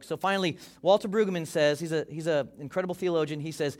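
A pastor preaching a sermon to his congregation, animated, acting out people's worries in quick quoted asides. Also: a little high.

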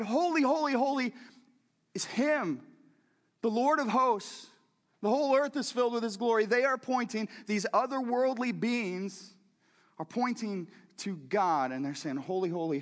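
Guy giving a sermon, kinda high pitched, chatty and animated, echoey sanctuary sound. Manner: animated and conversational, with repeated words and restarts. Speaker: pastor. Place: church sanctuary.

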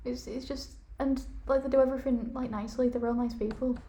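Easygoing young woman guest, slightly high. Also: quick pace. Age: young adult. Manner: relaxed, short easygoing answers. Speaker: podcast guest. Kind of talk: casual interview chat.

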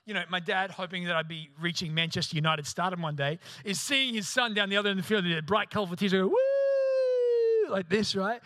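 A man's voice: high voice, fairly bright tone, no room sound. A man preaching a sermon, telling a self-mocking comic story and acting out other people's voices. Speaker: pastor.

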